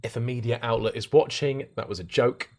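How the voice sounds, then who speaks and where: A young man chatting on a live stream, joking and laughing a lot while reading out chat and headlines. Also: a little fast. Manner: joking, animated, laughs often and swings in pitch.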